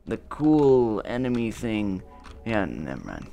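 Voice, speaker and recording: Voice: mid-range voice, huge pitch swings, slow, gravelly, warm tone, slight background noise. A gamer rambling through let's play commentary in a goofy, self-amused way. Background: game music.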